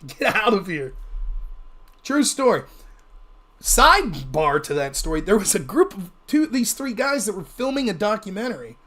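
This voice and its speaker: A man's voice: high-pitched, big pitch swings, normal speed, sharp tone. A man hosting a livestream and telling a long, rambling story in a casual, profane way. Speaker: livestream host.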